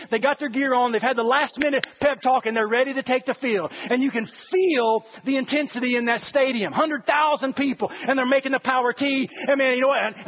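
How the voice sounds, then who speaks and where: A middle-aged pastor preaches in an animated, storytelling way and bursts into excited shouts. His voice sits high and sounds husky. The church recording is dull and lo-fi. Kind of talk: sermon.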